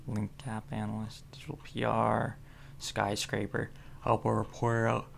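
Sleepy, gravelly young man reading aloud. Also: on the low side, completely flat delivery, normal speed, a little hiss or hum. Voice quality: gravelly fry. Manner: reads aloud and skims, with many ums and asides. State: sleepy, yawning. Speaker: solo vlogger reading about link building. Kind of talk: casual read-aloud commentary.

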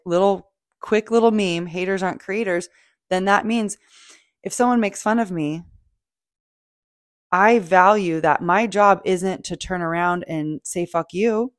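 A woman hosting a podcast, talking in a casual, animated motivational monologue, swearing freely and acting out feelings. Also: on the low side, no room sound, clean studio sound. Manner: animated, swearing, playful, acts out quoted feelings. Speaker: podcast host.

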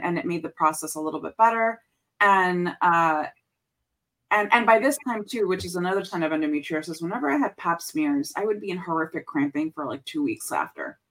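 A woman's voice: on the low side, moderate pace, a bit bright, poor audio. A woman guest in a casual podcast interview, telling a personal story earnestly with frequent restarts and repeated words.

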